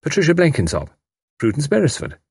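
A man reading an audiobook, voicing a lively, mischievous young woman spy who talks in a breezy, self-assured way. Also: fairly high pitch, a little fast, creaky, breathy edge, no room sound, studio quality, pitched above the performer's own voice, exaggerated voice. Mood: playful.

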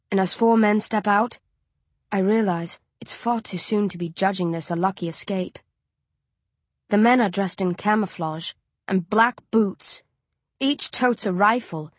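A woman's voice: mid-range voice, no echo. Woman, audiobook narrator, first-person tense narration, dry close-miked sound.

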